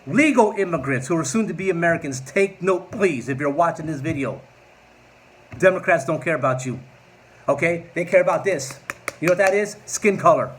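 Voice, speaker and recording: A man's voice: on the high side, expressive, fairly quick, fairly bright tone, slight background noise. A man in his forties ranting to camera in a political vlog, combative and mocking, with sarcastic asides. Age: 40s. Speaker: political vlogger.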